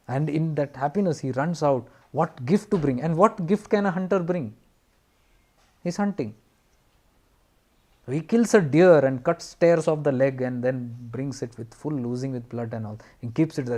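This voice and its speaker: A man's voice: a little high, warm tone. Earnest man telling a sacred story. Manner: earnest, unhurried storytelling with emphatic repetitions. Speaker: spiritual teacher. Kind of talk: spiritual storytelling talk.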